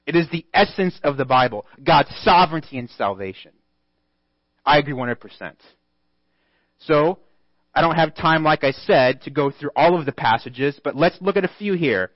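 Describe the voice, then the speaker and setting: A man preaching a sermon as pastor, earnest and emphatic, reading scripture aloud with deliberate pauses. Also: fairly high pitch, no room sound, highs cut off.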